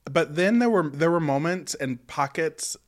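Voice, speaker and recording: A man's voice: a little high, expressive, measured pace. A man co-hosting a casual podcast, joking playfully and saying "like" a lot. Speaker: podcast co-host. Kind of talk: casual chat recapping reality TV.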